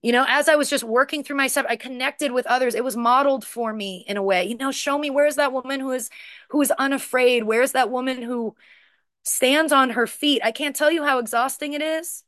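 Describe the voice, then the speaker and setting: A woman's voice: high voice, brisk, fairly bright tone, dry recording, clean studio sound. A woman sharing her recovery story, searching and repetitive, with many restarts and rising emotion. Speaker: recovery speaker. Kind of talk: personal share talk.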